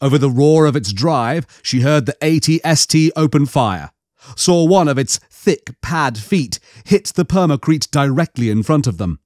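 A man narrating an audiobook in a steady, even storytelling manner. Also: fairly high pitch, normal speed, dry recording, clean studio sound.

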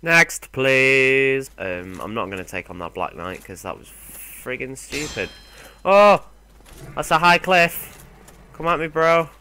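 A man hosting a gaming video, commenting casually with excitable, swearing, panicky outbursts. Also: medium pitch, normal speed.

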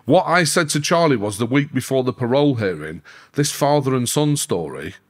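A man, a guest on a podcast, telling his side of a story with a mid-pitched voice. He curses through almost every sentence and shoots up in pitch whenever he gets heated. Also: normal speed. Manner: sweary, animated, pitch leaps up when worked up. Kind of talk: casual storytelling interview.

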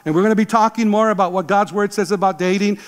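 Man, 60s, high-pitched, animated preacher, reverberant church hall. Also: fast. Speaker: pastor. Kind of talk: sermon. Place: church sanctuary.

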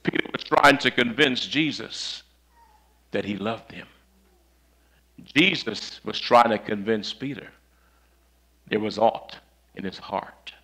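A man preaching a sermon, telling a story in a dramatic way that swings from loud to hushed, on a microphone that cuts in and out. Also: fairly low pitch, slow pace, long pauses, low-quality recording. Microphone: handheld or stand mic that cuts out.

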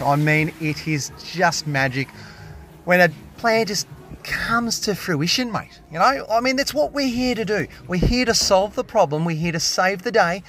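Excitable Australian tradie, high voice. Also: male voice, a little hiss or hum. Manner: excitable, jokey, heavy slang. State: hungover. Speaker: plumber vlogger. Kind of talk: casual on-the-job vlog commentary.

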